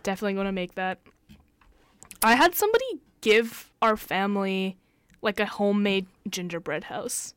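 A young woman co-hosting a casual chat podcast, soft-spoken and full of filler likes. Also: mid-range voice, expressive, moderate pace, smooth, dry recording. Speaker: podcast co-host.

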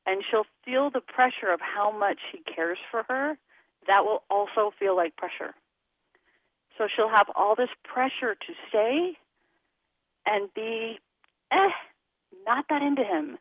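A woman's voice: fairly high pitch, measured pace, no echo. A woman relationship coach speaking frankly and emphatically in an interview over the phone. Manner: frank and emphatic, talks candidly about sex. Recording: tinny phone line, dry.

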